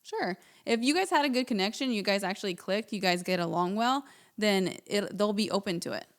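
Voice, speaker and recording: A woman co-hosting a casual podcast, calmly explaining how to follow up with prospects step by step. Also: medium pitch, brisk. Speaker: podcast co-host. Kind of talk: casual podcast coaching talk.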